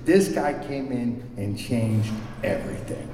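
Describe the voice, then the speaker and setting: A man's voice: mid-range voice, expressive, measured pace, creaky, dark tone, slight background noise. A man speaking candidly and self-deprecatingly at a recovery meeting, telling a personal story and often repeating words as he searches for them. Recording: echoey hall recorded from far off.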